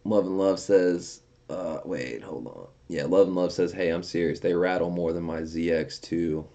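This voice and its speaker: Very deep-voiced young man, laid-back streamer. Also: steady tone, moderate pace, dark tone, muffled recording. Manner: loose, profane storytelling with frequent laughs. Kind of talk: casual livestream chat reading viewer comments.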